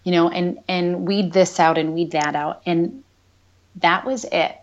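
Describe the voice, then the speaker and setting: A woman with a lower-pitched voice speaks as a podcast guest, laying out a hard personal story in an earnest, open way. She laughs now and then even at painful moments. The recording sounds dull and lo-fi. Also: a little slow.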